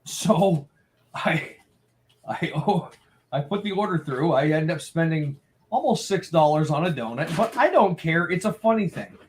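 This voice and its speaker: High, lively-voiced man telling a story. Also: a little slow, slight background noise. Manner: animated, laughing storyteller. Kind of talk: casual storytelling chat. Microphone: own mic at home.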